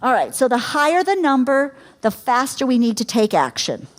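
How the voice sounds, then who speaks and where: In a lecture room, a middle-aged caregiving educator leads a live workshop, her somewhat high voice sing-song at a normal speed. Chatty and quick to laugh, she keeps turning to the audience with questions.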